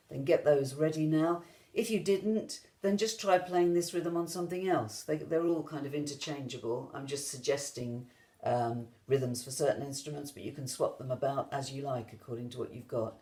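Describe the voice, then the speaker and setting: A woman music teacher giving an online rhythm lesson, explaining patiently step by step to viewers at home. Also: low-pitched. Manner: gentle, patient step-by-step instruction.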